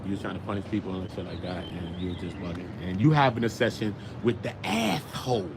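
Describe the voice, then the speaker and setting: A young man from Brooklyn with a New York accent, hosting a casual commentary show in an animated, slangy, riffing way. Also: deep voice, quick pace, background noise. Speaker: show host.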